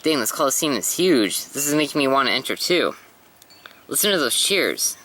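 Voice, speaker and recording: A man voicing a brash, carefree young male pirate hero in a casual manga read-aloud, loud and eager. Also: medium pitch, sing-song, moderate pace, voice pushed up.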